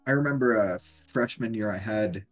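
A man co-hosting a casual podcast, telling rambling stories in a deadpan way. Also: fairly low pitch, moderate pace, faint music behind. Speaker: podcast co-host. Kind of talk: casual chat.

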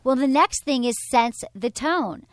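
A woman's voice: high voice, unhurried, no echo. A woman hosting a sex and dating advice talk show, speaking frankly and with animation. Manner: frank, animated, reads from her blog. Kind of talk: casual advice chat.

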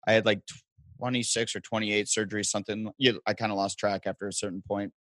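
A man's voice: fairly low pitch, no room sound. Joking storyteller man from the Midwest. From American Midwest. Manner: animated storyteller, joking, quick asides. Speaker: guest. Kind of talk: casual chat.

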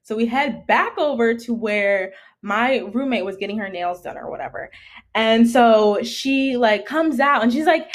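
A woman's voice: on the high side, unhurried. A young woman co-hosting a podcast, telling a story in casual, profane chat and acting out the people in it. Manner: animated, profane, quotes people in shifting voices. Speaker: podcast co-host.

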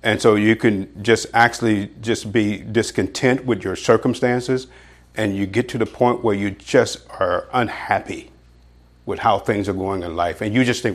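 A man preaches in an animated way, his pitch jumping for emphasis and chuckles coming often. When he reads scripture aloud, he shifts to an old-fashioned, measured cadence.

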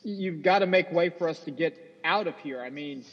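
A man's voice: a little high, normal speed, husky. A man voicing a nervous cornered cultist. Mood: anxious. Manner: anxious, pleading. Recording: dull roomy recording with long reverb.

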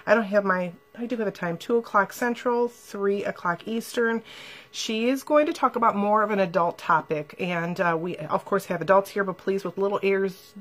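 A woman's voice: mid-range voice, fairly bright tone. A woman hosting a live stream, talking casually and emotionally to viewers and reading their comments aloud.

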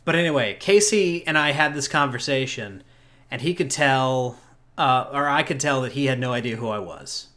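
A man's voice: mid-range voice, moderate pace, bright, forceful tone. A man hosting a podcast, chatting casually and rambling, often laughing and restarting his sentences. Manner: rambling, chuckling, frequent restarts. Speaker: podcast host. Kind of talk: casual chat recapping a convention.

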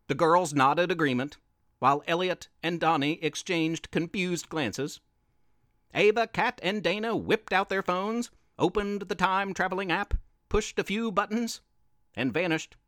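A man narrating a children's story as the show's host, in an animated, expressive way. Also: high voice, measured pace, dry recording, clean studio sound. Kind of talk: scripted kids' story narration.

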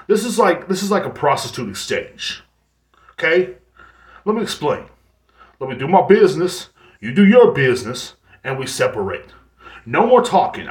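A man hosting a solo podcast, ranting bluntly and profanely with lots of fillers and restarts. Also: a little high. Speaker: podcast host. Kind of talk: solo rant, casual monologue. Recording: echoey room.

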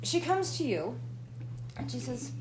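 A woman's voice: high voice, big pitch swings, measured pace, noisy background. A woman playing a tabletop game, narrating her character in third person with amusement. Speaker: player. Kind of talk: casual tabletop play.

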